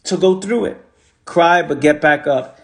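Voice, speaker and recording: A man with a fairly high voice speaks into his phone on a livestream and gives a motivational talk. He hammers each point by repeating it, with a preachy, casual delivery full of street slang. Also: a little slow. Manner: repetitive, emphatic, preachy.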